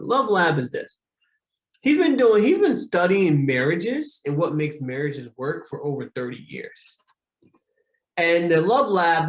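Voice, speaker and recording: A man, a relationship counselor, teaching a group session and repeating key points slowly with frequent "right?" checks. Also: a little high. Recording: roomy echo.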